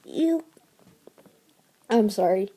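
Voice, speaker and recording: A woman voicing a gentle, dying mother cat who speaks faintly and breathily. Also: medium pitch, animated, drawn-out words. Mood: weak, tender.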